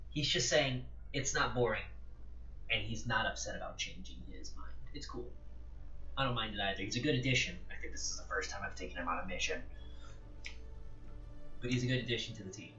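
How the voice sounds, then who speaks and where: A man's voice: lowish voice, a little fast, pauses often, bright, forceful tone, soft background music. An American man giving rambling, joking let's-play commentary in a casual way. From United States. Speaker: gameplay commentator. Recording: echoey, dull home recording.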